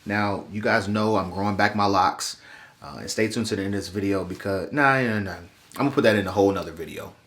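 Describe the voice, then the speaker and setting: A man's voice: lowish voice, fast. A young man with a stuffy, congested voice, chatting casually to his viewers while giving a haircut tutorial in his bathroom. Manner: relaxed, chatty, addresses viewers directly. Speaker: vlogger. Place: small bathroom, indoors.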